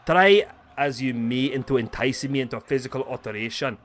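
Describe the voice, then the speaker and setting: A man's voice: medium pitch, lively intonation, brisk, slight background noise, close to an everyday voice. A man voicing an arrogant male wrestler villain who mocks his rival in pompous, condescending words. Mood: smug. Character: arrogant male wrestler villain, smug self-proclaimed genius.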